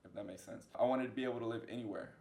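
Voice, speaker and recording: A man's voice: medium pitch, very fast, creaky, mellow, roomy sound. A man in his twenties answering fan questions in a casual vlog, rambling through funny stories and laughing at himself. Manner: joking, rambling storyteller who laughs at himself. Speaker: social media creator answering fan questions. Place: indoor room with a fill light.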